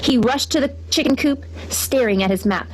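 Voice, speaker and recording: A woman reading a children's picture book aloud in an expressive, lively storytelling manner. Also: high-pitched, normal speed, a little hiss or hum, poor audio. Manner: expressive, lively read-aloud with character voices.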